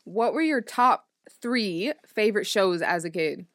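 A woman's voice: medium pitch, animated, measured pace, no room sound. Young woman, podcast co-host, mid-range voice, frequent laughter, short interjections, dry mic. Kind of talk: casual podcast chat.

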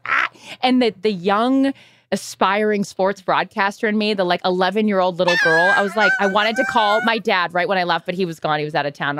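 A woman co-hosting a podcast in a bubbly, chatty way, full of quick asides. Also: on the low side, fairly bright tone, dry recording, clean studio sound. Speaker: podcast co-host. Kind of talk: casual chat.

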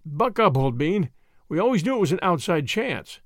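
Guy doing a cocky young fella detective, brisk and pleased with himself, lively pitch, dry. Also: no room sound. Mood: cheery. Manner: brisk, self-satisfied.

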